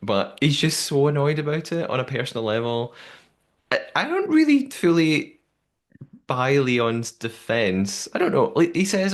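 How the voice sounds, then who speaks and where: Male podcast host, lively pitch, quick to laugh, mimics people he quotes. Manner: animated, laughs often, quotes people in put-on voices. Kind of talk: casual recap chat.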